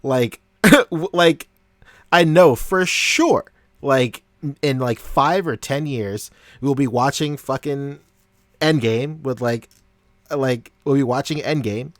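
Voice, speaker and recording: A man's voice: mid-range voice, takes it slowly, dry recording, clean studio sound. A man co-hosting a podcast in a loose casual chat, swearing freely.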